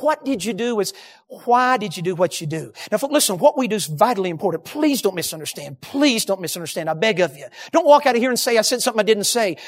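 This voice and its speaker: A man preaching a sermon, emphatic, swinging from loud shouted peaks to low hushed line endings.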